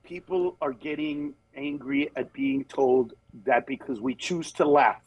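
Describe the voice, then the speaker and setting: A man who works as a comedian, telling candid stories in conversation and moving between animated voices and earnest, steady points. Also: medium pitch, a little slow, husky, low-quality recording. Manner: animated, jumps into voices of other people mid-story. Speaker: comedian guest.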